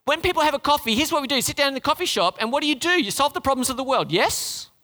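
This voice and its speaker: Joking, animated preacher, male, high-pitched, echoing church hall. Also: very fast. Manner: animated, joking, asks the crowd questions. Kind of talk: sermon.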